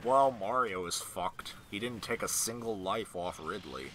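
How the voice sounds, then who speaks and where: Young man, playful chat, animated pitch and a bright, forward tone. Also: slight background noise. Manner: teasing, quick to laugh. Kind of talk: casual chat.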